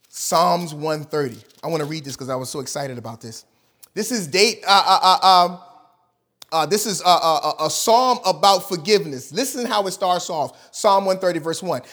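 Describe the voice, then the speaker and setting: A man's voice: high voice, expressive, normal speed, fairly bright tone. A male pastor preaching a sermon, emphatic, repeating key words and putting questions to his congregation.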